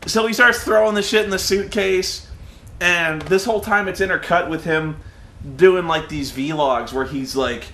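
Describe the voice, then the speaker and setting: Bright-voiced man doing a rambling movie review. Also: sits high, normal speed, echoey room. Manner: animated, stammering, acts out quotes. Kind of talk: casual review chat.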